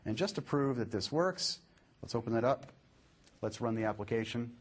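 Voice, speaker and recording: A man presenting a live software demo, upbeat and explaining step by step as he clicks through his code. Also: mid-range voice, animated, moderate pace.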